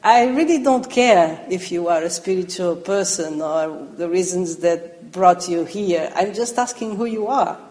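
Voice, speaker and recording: A woman voicing a gentle Indian teacher, unhurried. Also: lowish voice, lightly acted. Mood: kind. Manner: gentle and kindly. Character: kind, patient old Indian teacher, man. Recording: roomy hall reverb.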